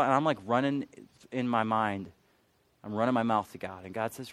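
A man's voice: lowish voice, moderate pace, no echo. A man pastor preaching a sermon in a candid, self-mocking storytelling manner, with sudden emphatic peaks.

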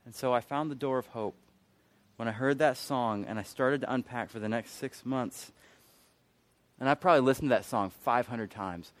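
A man's voice: medium pitch, normal speed, no room sound. A man pastor preaching a sermon in a candid, self-mocking storytelling manner, with sudden emphatic peaks.

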